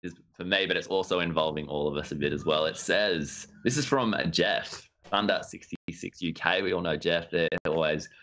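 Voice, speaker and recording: Deep-voiced Australian man joking around. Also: moderate pace, hardly any pauses, a bit bright, rough recording. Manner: playful, coaching others. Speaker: podcast co-host. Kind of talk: casual livestream chat. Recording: faint background noise.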